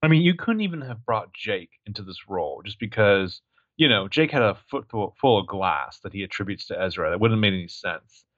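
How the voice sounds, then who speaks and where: A man's voice: fairly low pitch, animated, fairly quick, no echo. A man co-hosting a podcast, recapping a TV episode in casual chat, retelling the plot while acting out the characters' lines. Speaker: podcast co-host. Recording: dull, lo-fi dry mic.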